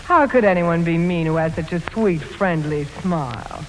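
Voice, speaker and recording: A woman's voice: lowish voice, moderate pace, a little hiss or hum. A woman guest on a 1940s radio comedy, trading teasing, mock-sweet lines with the host. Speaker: guest actress. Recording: 1940s radio broadcast in a reverberant hall.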